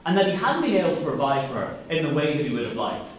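A man's voice: on the high side, big pitch swings, quick pace, few pauses. A man with an Irish accent giving a history seminar lecture, telling it as a story and acting out quoted speeches. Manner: storytelling, acts out quoted speeches with rising emphasis. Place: lecture hall. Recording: echoey room, far from the mic, faint hiss.

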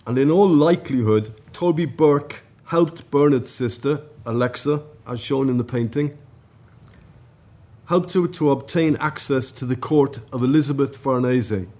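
A man at a conference, reading out a formal academic paper in a measured way. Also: mid-range voice, dark tone. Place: conference room.

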